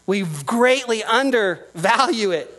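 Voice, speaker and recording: A man's voice: high voice, animated, slow, fairly bright tone, rough recording. A man preaching a sermon as pastor, earnest and emphatic, his voice rising and falling with the point he is making.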